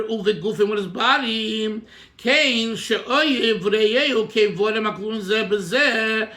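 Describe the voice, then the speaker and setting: A rabbi teaching a text, reading each Hebrew line and then explaining it in English. His voice sits very high and sounds bright and forceful. The room is echoey. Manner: reads Hebrew lines and explains them in English, breaks into song. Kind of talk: Torah class, reading and translating a text.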